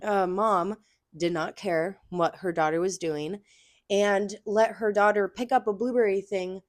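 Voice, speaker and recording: A young woman co-hosting a casual chat show, telling animated stories about her work as a cashier. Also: unhurried, no room sound, clean studio sound. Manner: animated storytelling, acts out customers in high voices. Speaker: podcast co-host.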